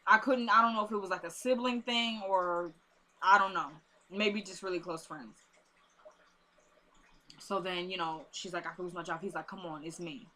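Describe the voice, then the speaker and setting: A woman's voice: fairly low pitch, fairly even intonation, normal speed, pushed and bright. A young woman, chatting casually as she recaps a TV episode and retells the scenes with quoted lines and asides.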